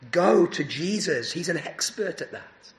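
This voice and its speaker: A man's voice: on the high side, lively intonation, a little slow, reverberant. A man preaching an evening sermon in an earnest, emphatic way, his voice rising as he presses each point. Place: church.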